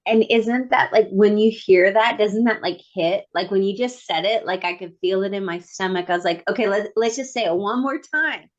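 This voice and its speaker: A woman's voice: mid-range voice, moderate pace, hardly any pauses. Woman podcast cohost telling a story, playful, mocks herself, kinda muffled audio. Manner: animated storytelling, playful self-mockery. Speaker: podcast co-host. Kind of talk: casual chat.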